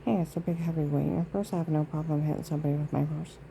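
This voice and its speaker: A woman's voice: sits low, level tone, very fast, gravelly, warm tone, a little hiss or hum, rough recording. A woman vlogging in a rambling, indignant monologue, aggrieved and emphatic with many asides.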